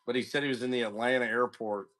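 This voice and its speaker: A man's voice: mid-range voice, steady tone, quick pace, fairly bright tone. A talkative man runs a live card break, greeting viewers by name as he goes. He drifts between rundowns of teams and rambling stories full of asides. His delivery is loose and conversational. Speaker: card break livestream host. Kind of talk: casual livestream chat.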